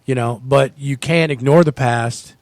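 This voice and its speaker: A man's voice: mid-range voice, a little slow, dry recording. A man hosting a casual podcast chat, reflective and earnest in manner. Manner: reflective, earnest, speaks of God.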